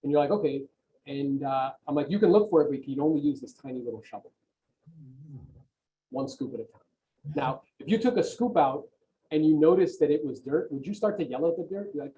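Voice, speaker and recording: A man's voice: a little high, animated, brisk, dark tone, slight background noise, rough recording. A man giving an emphatic, motivational coaching talk on a video call, often checking in with "right?". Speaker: real estate coach, guest on a video call.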